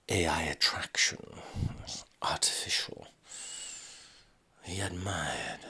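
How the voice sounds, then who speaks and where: Slow husky whispering male storyteller. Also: low-pitched. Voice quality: husky, often sinking to a whisper. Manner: slow, halting delivery with long pauses and sighing "oh"s. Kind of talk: slow dramatic story narration.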